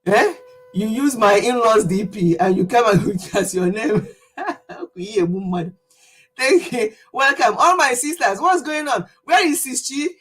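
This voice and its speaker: A woman's voice: on the high side, expressive, unhurried, husky. Chatty woman, slightly out of breath. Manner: chatty, greets viewers by name, laughs often while exercising. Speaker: livestream host. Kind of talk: casual livestream chat with singing. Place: at home.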